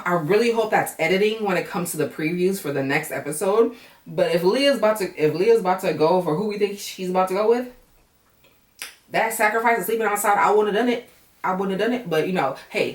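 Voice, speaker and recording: A woman recapping a reality show for her viewers, talking casually, swearing freely and addressing them as girl and y'all. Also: on the low side. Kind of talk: casual profane commentary. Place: home room, camera on battery. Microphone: camera mic from a distance. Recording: echoey room, voice from a distance.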